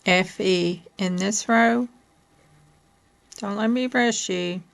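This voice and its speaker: A woman from Kentucky reading letters off a board one at a time, patiently asking questions and laughing softly now and then. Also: medium pitch, slow, creaky.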